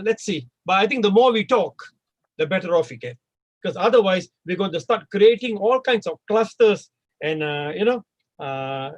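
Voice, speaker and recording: Man with a high voice on a panel, lively, keeps throwing out questions. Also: highs cut off. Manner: animated, questioning, voices imagined speakers. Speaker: panel speaker. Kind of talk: discussion talk.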